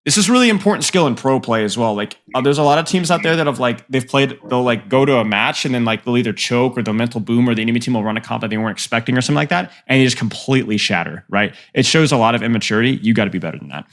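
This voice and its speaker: A man's voice: medium pitch, racing, hardly any pauses, a bit bright. A man with a nasal voice coaching a player in a casual, frank, rambling way full of fillers. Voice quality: self-described nasal voice. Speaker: game coach.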